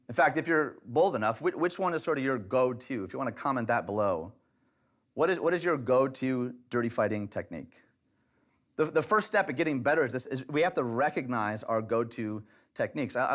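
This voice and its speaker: A man of middle pitch teaches a church relationship session on camera. His delivery is direct and conversational, with a wry, light humor woven in. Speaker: pastor teaching a relationship class.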